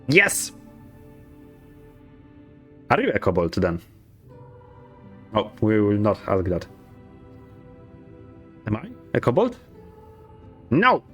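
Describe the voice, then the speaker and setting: A man playing a video game and commenting casually, thinking aloud, swearing and chuckling at himself. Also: lowish voice. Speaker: let's play gamer.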